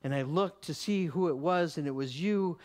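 A man preaching, telling a story in an animated way, laughing often and repeating words as he goes. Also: on the high side, normal speed. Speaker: preacher teaching. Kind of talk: sermon storytelling.

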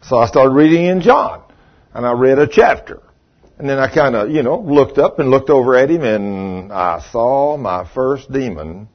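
A man's voice: mid-range voice, husky. An older man preaching a sermon, telling a folksy story and acting out what people said. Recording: dull lo-fi sermon recording.

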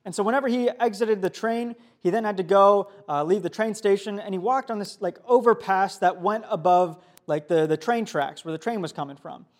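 A young man giving a youth sermon, telling a story in a casual, animated way full of fillers. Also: high-pitched, brisk, few pauses. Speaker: youth pastor.

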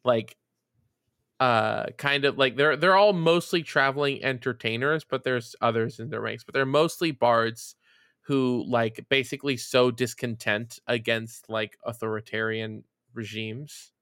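Bright, rambling, casually swearing man. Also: medium pitch, measured pace, clean tone, no echo, studio quality. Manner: rambling storytelling, swears freely, many fillers. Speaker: podcast co-host. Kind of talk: casual chat.

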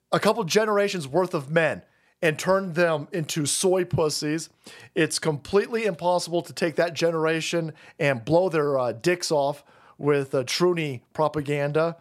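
A man ranting on a livestream, profane and heated, with frequent stammering restarts. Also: fairly high pitch. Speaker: streamer. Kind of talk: livestream rant.

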